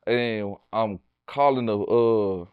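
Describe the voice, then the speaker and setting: A man from Houston with a Southern Texas accent, a guest telling his life story in a casual, animated, profane way. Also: slow pace, smooth, no echo, narrow, tinny audio. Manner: animated, profane, raises pitch for quoted voices. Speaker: interview guest, tattoo artist.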